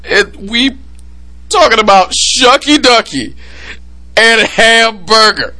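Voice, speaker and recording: A man hosting a casual podcast chat, excitable and prone to loud laughing outbursts. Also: sits high, slow pace. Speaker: podcast host.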